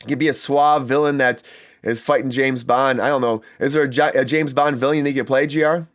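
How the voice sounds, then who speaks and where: A man's voice: medium pitch, steady tone, quick pace. A man hosting a casual entertainment news chat, talking in a chatty, enthusiastic way with many fillers and asides. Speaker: host.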